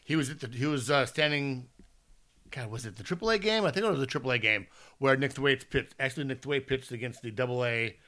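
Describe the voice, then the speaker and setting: Bright-voiced fifty-year-old man, chatty. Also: medium pitch, fairly quick. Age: 50s. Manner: animated storytelling, rambling with restarts. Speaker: podcast co-host. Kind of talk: casual chat.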